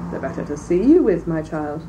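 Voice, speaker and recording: Woman doing a low, sly wicked wolf. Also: very animated, brisk. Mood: menacing. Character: wicked, hungry male wolf, sly and scheming. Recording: distant mic, faint background noise.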